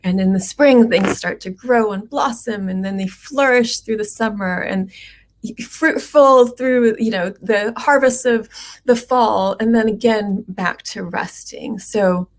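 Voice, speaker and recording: A middle-aged woman physician hosting a livestream, talking in a gentle, unhurried and reflective way with many pauses. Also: mid-range voice.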